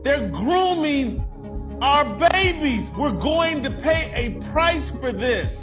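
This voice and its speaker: A man delivers opinion commentary in an outraged, preachy way. His voice is high and his delivery is slow. Music plays clearly behind him. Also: expressive.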